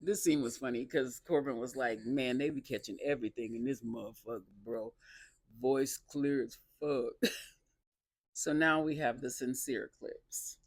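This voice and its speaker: A woman casually recapping a dating reality show, talking in an animated, sassy and exasperated way. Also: extremely low pitch, a little slow, gravelly, dry recording, clean studio sound.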